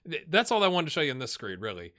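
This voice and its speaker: A man's voice: on the high side, sing-song, rapid-fire, bright, forceful tone. A man hosting a gaming channel, giving casual gameplay commentary, chatty and muttering asides to himself.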